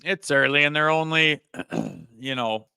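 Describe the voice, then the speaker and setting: A man's voice: on the high side, measured pace, vocal fry, bright, forceful tone, clean tone, dry recording. A man who is a former hockey player, talking animatedly on a podcast, swearing freely and acting out players' voices. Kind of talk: casual podcast chat.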